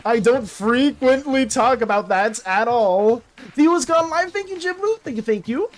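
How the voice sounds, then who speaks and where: This young adult livestreamer talks in a loose, rambling way and keeps circling back and restarting sentences. The pitch swings widely as they chat, and the voice sits at a middling height. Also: unhurried. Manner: rambling and animated, many restarts and fillers. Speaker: livestreaming artist chatting with viewers.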